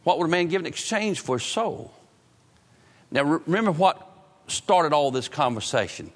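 A man preaching a sermon, swinging from loud outbursts to low, drawn-out phrases. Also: animated. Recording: long hall reverb.

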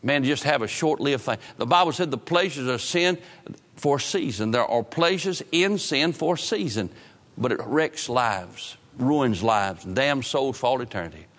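Male preacher, middle pitch, dramatic loud-soft sermon delivery, long hall reverb. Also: expressive. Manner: dramatic swings from loud to low, drawn-out phrases.

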